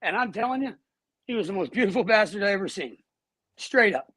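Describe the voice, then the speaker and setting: A middle-aged man, a guest telling a personal story in an animated, blunt way and swearing freely. He talks on earbuds over a video call from home. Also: high voice, a little fast, dry recording, low-quality recording. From Canada.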